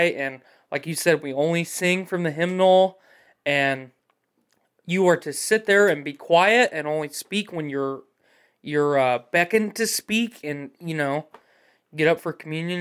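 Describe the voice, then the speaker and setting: A man's voice: a little high, a bit bright, smooth. A man in casual chat, blunt and profane and opinionated.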